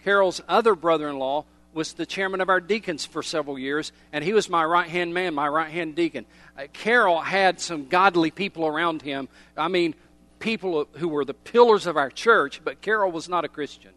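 Man, middle-aged, pastor, sermon, emphatic, loud-to-hushed swings, slightly high pitch. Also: moderate pace, dry recording.

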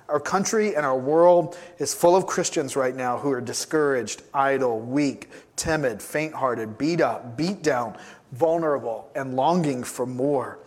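An emphatic male pastor delivers a sermon and drives his points home by repeating key phrases. His voice sits a little higher than most men's. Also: moderate pace, darkish tone.

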